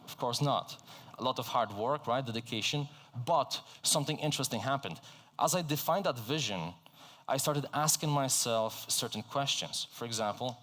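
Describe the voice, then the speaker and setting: Polish-born male keynote speaker, energetic and chatty, mid-pitched voice, echoey conference hall. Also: normal speed. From Poland. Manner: energetic, conversational, engages the audience. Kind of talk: motivational keynote talk.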